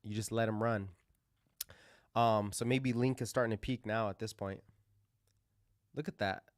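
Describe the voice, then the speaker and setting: A man's voice: fairly low pitch, fairly even intonation, measured pace, no echo, studio quality. A man hosting a crypto livestream, talking casually and rambling through live chart commentary with lots of fillers and restarts.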